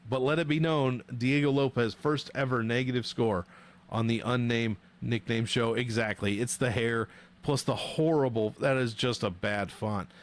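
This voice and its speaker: A man's voice: mid-range voice, normal speed. Joking, profane young man streaming. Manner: profane, joking, animated banter. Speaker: livestream host rating fighter nicknames. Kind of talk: casual livestream chat with viewers.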